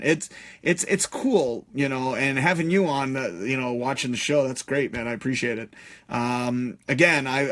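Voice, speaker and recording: A man's voice: mid-range voice, a bit bright. A man hosting a casual live stream, rambling and swearing, with lots of fillers as he reads out viewer comments. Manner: rambling, profane, many fillers. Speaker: podcast host.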